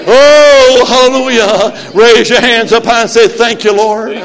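A man in his sixties preaching a Pentecostal sermon. He calls for amens, shouts and sings out his lines. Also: extremely high pitch, steady tone, unhurried, music in the background. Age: 60s. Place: church sanctuary. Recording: long hall reverb.

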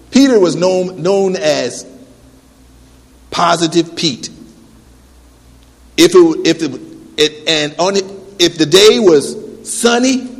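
A male preacher delivering a storytelling sermon, driving home his points with emphatic rhetorical questions. His voice is high and gravelly. It carries with a long hall reverb.

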